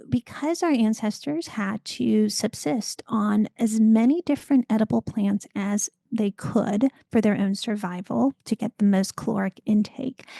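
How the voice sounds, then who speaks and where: A woman guest expert in an interview, explaining health science in an informative, measured way. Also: mid-range voice, vocal fry, dark tone, no echo.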